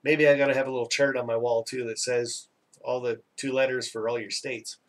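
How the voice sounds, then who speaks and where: A man's voice: medium pitch, flat delivery, brisk, recorded from a distance. A Canadian man hosting a casual live stream, chatting in a rambling, self-teasing way and reading out viewer comments.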